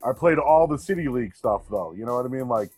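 A man's voice: mid-range voice, animated, fast talker, a little mellow, slightly rough, no echo, soft background music. A man in his thirties with a Boston accent, a sports radio host guesting on a podcast and telling his story in a laid-back, slangy way. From Boston area. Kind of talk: casual podcast chat.

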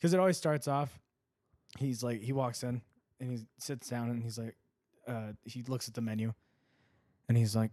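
A man's voice: mid-range voice, fairly even intonation, brisk, a little mellow, no echo, studio quality. A man co-hosting a podcast in casual chat, joking around and laughing often. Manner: joking, laughs often, does mock impressions. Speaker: podcast co-host.

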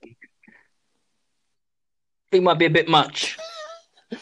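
A man's voice: fairly high pitch, flat delivery, takes it slowly, fairly bright tone, slight background noise. A man co-hosting a casual wrestling chat, giving laid-back, understated replies. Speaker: podcast co-host.

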